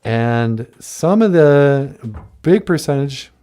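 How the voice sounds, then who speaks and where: A man's voice: medium pitch, animated, slow, dark tone, smooth. A man hosting a casual live-stream chat, joking in a laid-back way and reading viewer comments aloud. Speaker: show host.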